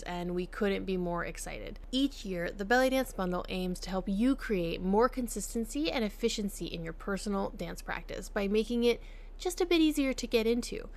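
An upbeat woman hosts a podcast, moving from a scripted introduction into a relaxed interview. Her voice sits at a middle pitch and her manner stays friendly. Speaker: podcast host.

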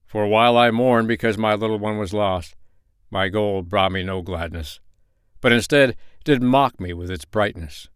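A man reading the part of a mighty, gold-loving bear lord who speaks out loudly in gratitude. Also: fairly low pitch, normal speed, clean tone, dry recording, clean studio sound, natural voice. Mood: grateful.

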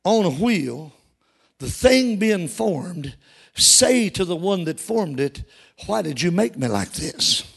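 A male pastor preaching an emphatic sermon, calling out to the congregation and rising to shouts. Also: high voice, vocal fry, slightly rough. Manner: emphatic, call-and-response preaching that rises to shouts.

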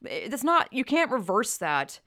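A woman's voice: a little high, big pitch swings, moderate pace, sharp tone, no echo, clean studio sound. A young woman hosting a podcast, talking bluntly and emphatically with frequent swearing and exclamations. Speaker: podcast host. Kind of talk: casual opinionated podcast commentary.

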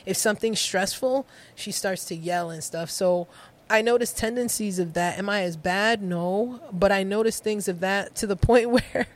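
With a mid-range voice at normal speed, a middle-aged woman from New York, United States, shares personal stories as a podcast guest. She's a poet and author, a lively storyteller whose casual conversation is full of laughter.

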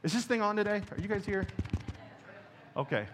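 Animated and fairly quick, a male pastor with a high, fairly bright voice preaches in church, chatting directly with his congregation in a conversational sermon.

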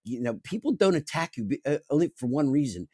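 A man arguing his view on a panel discussion, forceful and halting, with frequent restarts. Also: medium pitch, big pitch swings, breathy edge, dry recording, clean studio sound. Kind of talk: opinionated panel debate.

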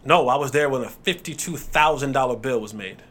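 A man hosting a podcast, talking casually and telling his own anecdotes in a relaxed, conversational way. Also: medium pitch, brisk. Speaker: podcast host, former football player. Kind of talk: casual chat.

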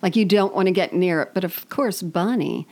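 A woman's voice: fairly low pitch, moderate pace, a little mellow. A woman co-hosting a casual chat, telling wry stories with frequent tangents. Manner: chatty, wry storytelling with tangents. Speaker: podcast co-host.

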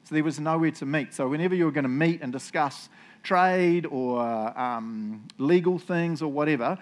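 Playful, chatty preacher. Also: male voice, fairly high pitch, moderate pace. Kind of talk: casual Bible teaching.

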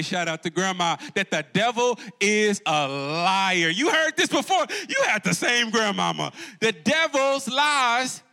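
A campus pastor preaches live to a congregation in a church auditorium, calling out to the crowd in call-and-response style. His high, sharp voice rises and drops for emphasis.

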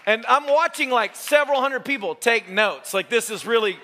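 A man's voice: very high-pitched, normal speed. A male pastor preaching a sermon, telling a story with jokes and acting out quotes. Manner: animated, joking, acts out quotes. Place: church sanctuary.

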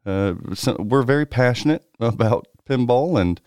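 A man's voice: mid-range voice, expressive, normal speed, darkish tone, dry recording, studio quality. A man co-hosting a pinball podcast, reading a show rundown and then bantering casually. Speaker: podcast co-host.

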